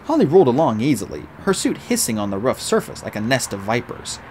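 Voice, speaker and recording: A man reading a novel aloud as an audiobook narrator, with an animated, expressive delivery. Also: mid-range voice, quick pace, slight background noise.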